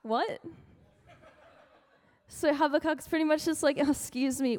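A fairly high-voiced woman giving a relaxed youth devotion, chatty and playful, slipping into comic voices for the people she quotes. Her voice rings out with a long reverb, as if she is speaking in a large hall. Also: a little slow. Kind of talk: casual youth sermon.

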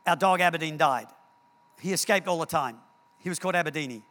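A man preaches and tells stories, acting out scenes and repeating words as he goes. His voice sits high and sounds bright and crisp. The long reverb of a church hall trails after each phrase. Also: fairly quick. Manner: animated storytelling, repeats words, acts out scenes. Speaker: pastor. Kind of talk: sermon.

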